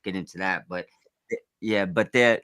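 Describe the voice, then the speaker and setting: A man co-hosting a casual podcast chat, excitable and rambling, often restarting his sentences. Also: low-pitched, moderate pace, no echo, clean studio sound.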